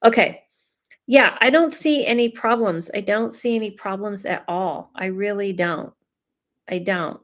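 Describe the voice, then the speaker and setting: A woman's voice: mid-range voice, measured pace. Chatty woman giving a live reading. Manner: chatty, many fillers, talks straight to viewers. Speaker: psychic medium. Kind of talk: live reading, casual chat.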